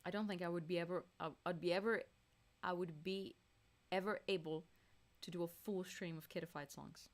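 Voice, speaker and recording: A woman's voice: lowish voice, fairly even intonation, moderate pace. A woman singer chatting casually on a live stream, laughing and reading out viewers' messages between songs.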